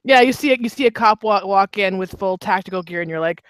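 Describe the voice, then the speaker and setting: A Canadian woman co-hosts a casual podcast chat and rides motorcycles. Her mid-range voice is clear and resonant, and she talks fast, telling candid stories with frequent restarts and laughter. There's no room sound.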